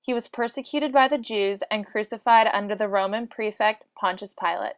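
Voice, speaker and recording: A woman's voice: medium pitch, steady tone, normal speed, dry recording, clean studio sound. A woman narrating a comic storybook in mock-solemn lolcat speak.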